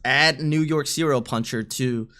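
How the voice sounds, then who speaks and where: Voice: mid-range voice, unhurried, sharp tone. A streamer giving loose, casual live reaction commentary, often laughing and swearing.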